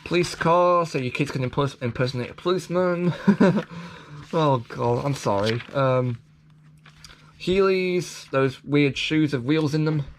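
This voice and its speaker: A man talks his way through a toy catalogue in loose, rambling commentary. He trips over restarts and keeps apologising for his own jokes. His voice sits at an ordinary middle pitch over a faint home hiss. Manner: rambling, stumbling restarts, self-deprecating asides. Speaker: vlogger reviewing a toy catalogue.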